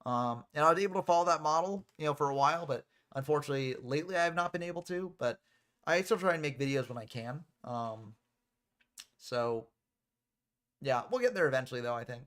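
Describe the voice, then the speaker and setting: A man's voice: fairly high pitch, a little fast, a bit bright. Chatty male card game commentator. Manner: chatty, drifts into off-topic asides. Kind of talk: casual play-by-play commentary.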